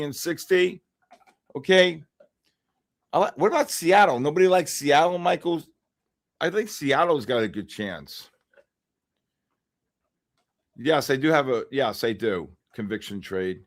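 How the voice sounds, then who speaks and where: A middle-aged man hosting a live trading stream, rambling casually and calling out viewers by name. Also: medium pitch. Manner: rambling, chatty, shouts out chat names. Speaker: livestream trading host.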